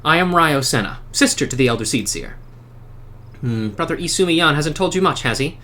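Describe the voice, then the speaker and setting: A man reading aloud as a calm, wise female seer in a fantasy game, in a measured, explanatory way. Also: fairly high pitch, voice pushed up.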